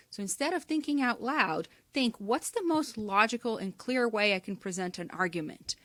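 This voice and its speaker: A woman with a medium-pitched voice teaching presentation skills in a clear, measured, deliberate way. The recording is dry and close, with no room sound. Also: a bit bright, dry recording. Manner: clear, measured, demonstrates intonation examples. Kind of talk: instructional talk on presentation skills.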